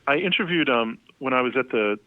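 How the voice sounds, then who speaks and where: A man telling stories about interviews over a thin, phone-like line, rambling and animated with plenty of fillers. His pitch sits mid-range, and the sound is dry, with no room around it. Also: a little fast, no room sound. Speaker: guest, music writer. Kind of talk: casual phone conversation.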